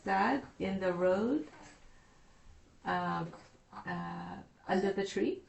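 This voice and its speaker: A woman's voice: fairly low pitch, very slow, gravelly, roomy sound, a little hiss or hum, poor audio. A woman student in a language class, hesitantly sounding out words as she reads aloud and translates.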